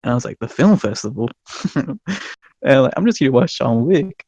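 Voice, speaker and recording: Young male podcast co-host, animated rambling storyteller with a warm, dark voice, recorded close and dry. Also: medium pitch, fairly quick, no room sound. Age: young adult. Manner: excitable, swears a lot, laughs mid-story. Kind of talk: casual storytelling chat.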